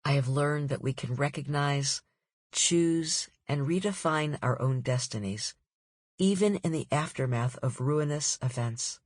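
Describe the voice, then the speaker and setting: Slow, measured woman reading an audiobook. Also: low voice, breathy edge, no room sound, clean studio sound. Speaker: author reading her own book. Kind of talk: nonfiction audiobook narration.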